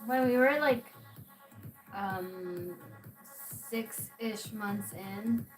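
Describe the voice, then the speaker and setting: A woman's voice: medium pitch, very slow, faint music behind, poor audio. A young woman co-hosting a livestream, chatting casually and telling stories with lots of laughter. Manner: giggly, animated storytelling with frequent laughter. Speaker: livestream co-host. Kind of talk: casual chat. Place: home livestream setup.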